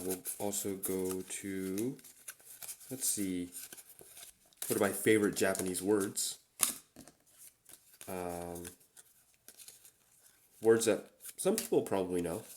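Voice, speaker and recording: A man hosting a relaxed solo chat, slowly repeating Japanese words as he teaches them. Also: sits low, slight background noise. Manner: relaxed, slow and repetitive when pronouncing words. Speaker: podcast host.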